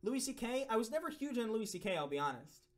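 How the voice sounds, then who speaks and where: A man's voice: very high-pitched, sing-song, quick pace. Rambling young man on a casual stream. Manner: rambling, swearing, filler-heavy. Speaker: streamer reading donations.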